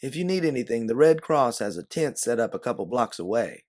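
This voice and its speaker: A man voicing an early-1900s Southern policeman with a husky drawl. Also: medium pitch, sing-song, a little fast, a little mellow, voice pushed up, lightly acted. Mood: concerned.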